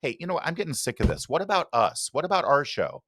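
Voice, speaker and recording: A man's voice: mid-range voice, quick pace, a bit bright, no echo. A man hosting a political commentary show, talking with sarcastic, mocking asides. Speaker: talk show host.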